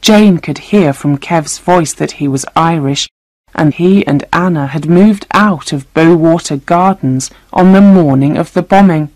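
Slow, low-voiced woman reading a story. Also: a little mellow, no room sound, low-quality recording. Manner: slow, clear reading for learners. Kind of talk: scripted narration of a graded reader.

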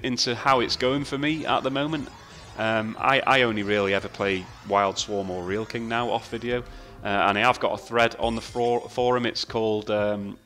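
A man commenting casually on his slot play. He swears freely, talks to himself and shouts at the game. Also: mid-range voice. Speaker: slot video host. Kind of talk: casual commentary while playing slots.

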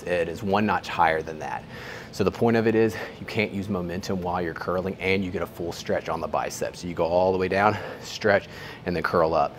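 Low-voiced young man narrating a gym workout. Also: noisy background. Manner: explaining exercises while training, filler-heavy and relaxed. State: out of breath between sets. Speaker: fitness vlogger.

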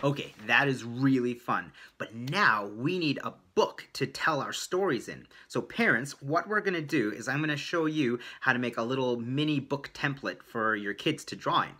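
A man's voice: medium pitch, normal speed, few pauses, slight background noise. Playful man teaching kids to draw. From Canada. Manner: animated, with gasps and sound effects. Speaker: children's drawing coach. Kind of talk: playful kids' drawing lesson. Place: indoors at an art desk.

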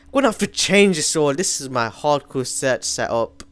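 A young man giving live commentary over his own gameplay, excitable, switching between mumbled asides and sudden yells. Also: on the high side, normal speed. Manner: excitable, swings from mumbling to yelling. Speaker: gaming commentator. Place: home room.

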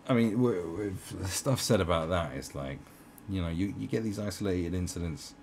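A man rants in rough, profane bursts, his low voice roughened by a gravelly fry. He swings his pitch widely, jumping up and dropping back as he rambles on. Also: animated, normal speed, darkish tone, a little hiss or hum. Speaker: online commentator. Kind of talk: ranting commentary.

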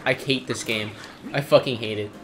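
A man's voice: medium pitch, steady tone, normal speed, loud music behind the voice. A young man giving sarcastic, swearing commentary while playing a video game. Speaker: gameplay streamer. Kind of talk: gameplay commentary.

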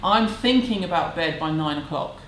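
A woman's voice: fairly low pitch, expressive, moderate pace, fairly bright tone. A woman, answering viewer questions at home in a candid, chatty, self-deprecating way. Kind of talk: casual chat. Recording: echoey room, faint background hum.

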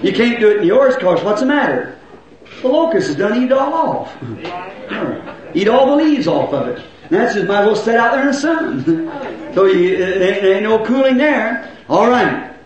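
A man preaching a folksy sermon, swinging between loud shouts and low asides. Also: big pitch swings, moderate pace, some chatter behind. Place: church. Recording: echoey, muffled old church recording.

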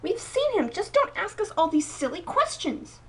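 A woman voicing two proud, cruel young sisters who talk in a shrill, boastful way. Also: very animated, normal speed, heavily acted. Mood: indignant. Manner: shrill, boastful and haughty, stammering when caught out. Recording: voice a bit distant from mic.

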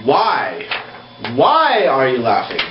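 A man teaching a slow beginner English lesson. He spells words out letter by letter and acts out laughing and crying. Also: mid-range voice, wildly swooping pitch. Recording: echoey, dull room with faint hum.

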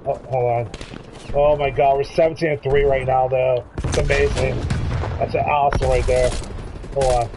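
A man giving live commentary on his own shooter game, excitable, swinging between quiet muttering and high yelps and pleading. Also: moderate pace, gravelly, noisy background. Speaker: gaming streamer. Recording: gunfire and game sounds behind the voice.

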